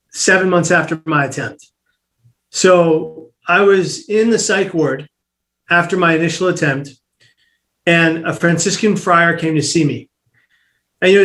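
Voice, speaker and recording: Man, high pitch, interview guest, animated personal storytelling, acts out quotes. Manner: animated, acts out quoted voices, restarts often.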